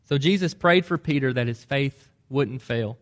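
A man's voice: medium pitch, moderate pace. A man preaching a sermon, earnest and emphatic, pressing hard on key points. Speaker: pastor.

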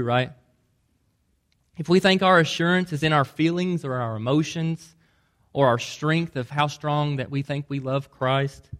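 A man's voice: medium pitch, a bit bright. A man preaching a sermon, earnest and emphatic, pressing hard on key points. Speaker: pastor.

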